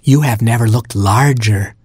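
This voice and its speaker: A man voicing a kindly, brisk kangaroo doctor in a storybook reading, soothing and matter-of-fact. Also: mid-range voice, a little mellow, slightly rough, no echo, clean studio sound.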